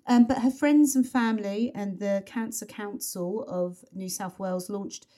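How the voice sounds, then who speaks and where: A woman's voice: medium pitch, fairly even intonation, measured pace, mellow. Woman, podcast co-host, casual chat, rambling, many fillers. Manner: chatty, rambling, frequent fillers and restarts. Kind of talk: casual chat about a song.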